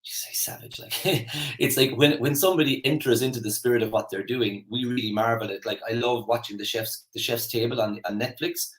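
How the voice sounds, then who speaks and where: A man's voice: medium pitch, fairly even intonation, brisk, few pauses, reverberant, low-quality recording. An Irish man giving a casual motivational talk, chatty and rambling with lots of restarts and fillers. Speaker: motivational speaker.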